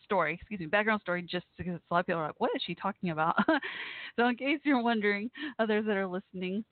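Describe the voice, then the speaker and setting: A woman's voice: medium pitch, fast talker, no room sound. A woman hosting a casual call-in talk show, chatty and giggly, with frequent laughs and fillers. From Texas. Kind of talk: casual call-in radio chat. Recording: tinny phone-like line.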